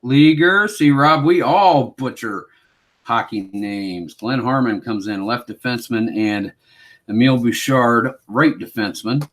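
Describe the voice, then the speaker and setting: A man running a solo tabletop hockey game, calling each play like a sportscaster in a relaxed, self-mocking way. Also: mid-range voice, a little slow. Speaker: board game player and host.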